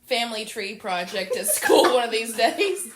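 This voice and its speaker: Teasing young woman with quick quips. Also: on the high side, expressive, background noise. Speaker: podcast co-host. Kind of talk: casual chat.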